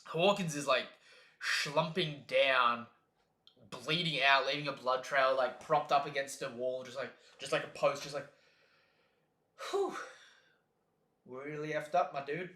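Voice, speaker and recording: Man, live reaction host, lively joking delivery, bright sharp voice, roomy echo. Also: mid-range voice, unhurried. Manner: animated, joking, reads panels aloud in exaggerated voices. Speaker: streamer reacting to a comic chapter. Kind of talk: live reaction stream, casual chat.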